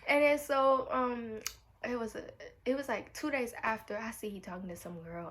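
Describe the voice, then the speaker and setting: A young woman vlogger telling a story in a casual, animated way and acting out quotes. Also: on the high side, moderate pace, slight background noise. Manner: animated retelling with acted quotes, African American English grammar.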